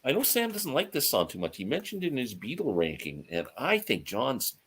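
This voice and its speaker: A man's voice: medium pitch, wildly swooping pitch, fairly quick, fairly bright tone, husky. A man hosting a casual live-stream chat, talking with enthusiasm, laughing often and reading out viewer comments.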